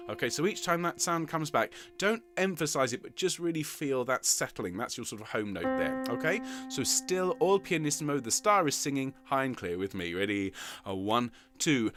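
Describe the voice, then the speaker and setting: A man leading a choir rehearsal, counting in, giving gentle praise and singing short lines high and soft. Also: expressive, normal speed. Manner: encouraging, counts in and sings demonstrations in falsetto. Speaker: choir director. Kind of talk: online rehearsal teaching. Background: piano.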